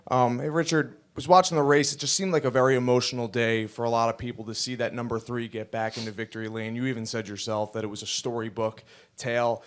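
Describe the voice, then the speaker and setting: Fast-talking male sports reporter. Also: mid-range voice, flat delivery. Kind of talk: press conference question.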